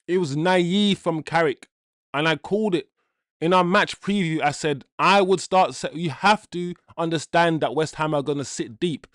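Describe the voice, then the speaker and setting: A man's voice: fairly high pitch, normal speed, a bit bright, dry recording, studio quality. A man hosting a live football watch-along, ranting in exasperation, swearing and repeating himself as he vents. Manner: repeats himself while venting.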